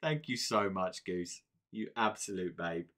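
A man's voice: deep voice, animated, unhurried, fairly bright tone. A man streaming a game live, chatting casually with viewers, swearing freely and often breaking into giggles. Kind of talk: live gameplay stream commentary.

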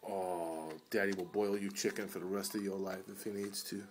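A man filming at home, talking tenderly and coaxingly to his sick dog in soft baby talk that often drops to a murmur. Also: sits low, level tone, moderate pace, a little hiss or hum. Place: at home indoors.

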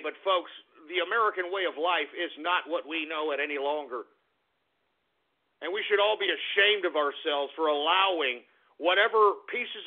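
A man hosting a talk radio show, ranting profanely with shouting outbursts and grumbling asides. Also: a little high. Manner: profane, shouting angry rants that drop to grumbling. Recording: tinny phone-like radio audio.

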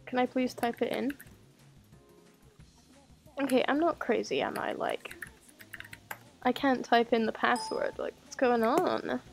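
A woman's voice: on the high side, measured pace, creaky, pauses often, soft background music. A woman giving sarcastic, casual commentary as she streams a video game, mocking what she reads on screen.

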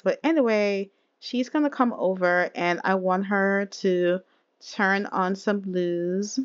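A woman's voice: mid-range voice, slow. Chatty woman with a dull lo-fi sound. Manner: chatty, laughing, addresses viewers as y'all. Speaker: let's play host. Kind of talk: casual game commentary.

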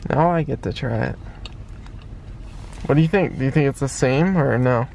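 A man's voice: mid-range voice, normal speed, vocal fry, darkish tone, slight background noise. A man chatting casually for a daily vlog, easygoing and jokey, laughing often. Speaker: vlogger.

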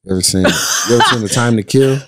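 A man's voice: medium pitch, fast talker, over a noisy crowd. A man in his thirties from the US Midwest, joking and bantering as a podcast guest. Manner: animated, joking, slangy.

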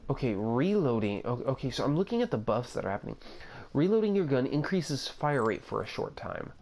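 A man's voice: mid-range voice, very animated, brisk, a little mellow, a little hiss or hum. A young man giving casual commentary over his own gameplay, rambling to himself and easily amazed. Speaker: gaming video creator.

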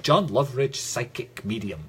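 A man's voice: mid-range voice, big pitch swings, moderate pace, a bit bright, slight background noise. A Scottish man working as a psychic medium, giving chatty, affectionate readings to viewers on a livestream and calling them sweetheart.

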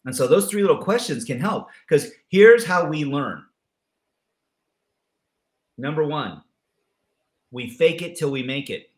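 Middle-aged male guest, lively storyteller who acts out voices in quotes, wide-ranging pitch, roomy sound. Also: measured pace, long pauses. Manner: lively storyteller acting out dialogue with voice changes. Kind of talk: animated motivational interview talk.

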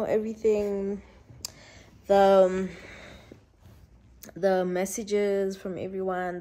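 A young woman, chatting casually to her phone camera for a vlog in a soft, rambling way full of fillers. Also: mid-range voice. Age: 20s. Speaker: mom vlogger. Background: background music.

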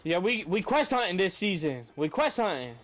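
Crowd noise surrounds this young man's high-pitched voice as he talks at a normal pace during gameplay. As a gamer and co-commentator, he spins animated stories, laughs a lot and swears without restraint.

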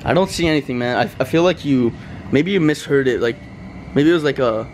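A young man hosting a horror vlog, talking to viewers as "guys" and getting loud and scared as things go wrong. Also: mid-range voice, brisk, a little hiss or hum. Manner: addresses viewers as guys, grows panicked and shouty. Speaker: vlogger.

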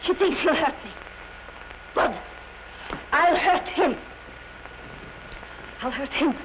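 An actress playing a vain, excitable opera diva with theatrical outbursts, in 1930s screwball film style. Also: female voice, high voice, takes it slowly. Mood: scheming. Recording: scratchy, muffled 1930s film soundtrack.

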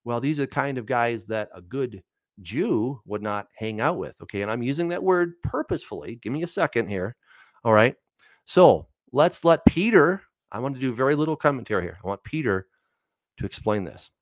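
A man's voice: medium pitch, normal speed, dry recording. A man answering viewers' Bible questions in a casual, conversational way, reading verses aloud and asking his listeners rhetorical questions. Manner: animated and conversational, with frequent "all right" and "right?".

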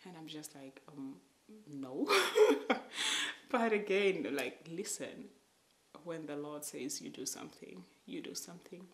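A woman vlogger telling an emotional personal faith testimony, halting and sometimes dropping to a whisper. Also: deep voice, echoey room.

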